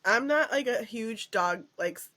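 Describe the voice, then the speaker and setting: A woman hosting a podcast in casual chat, telling stories in an animated way and laughing often. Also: fairly high pitch, a little slow, slight background noise. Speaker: podcast host.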